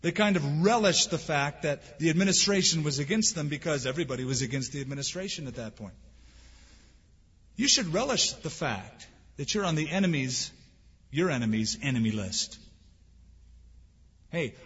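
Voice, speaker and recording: Husky-voiced man preaching in a reverberant hall. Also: mid-range voice, expressive, normal speed, a bit bright. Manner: earnest, emphatic preaching with rhetorical questions. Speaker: pastor. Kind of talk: sermon. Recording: dull lo-fi sound with long hall reverb.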